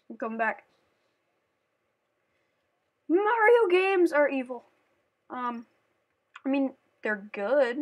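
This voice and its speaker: A woman playing a platform game on camera, chatting playfully and breaking into shrieks and yells as she plays. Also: high voice, expressive, slow, long pauses. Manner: playful, talks to the game and her cat. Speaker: gaming channel host. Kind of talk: let's play commentary.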